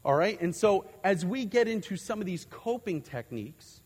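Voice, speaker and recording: A man's voice: sits high, lively intonation, normal speed, a little mellow, husky. A man preaching a sermon, earnest, with frequent fillers and restarts as he teaches his congregation. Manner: earnest, repeats words, many fillers and restarts. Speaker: pastor. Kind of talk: sermon on faith and anxiety. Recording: long hall reverb.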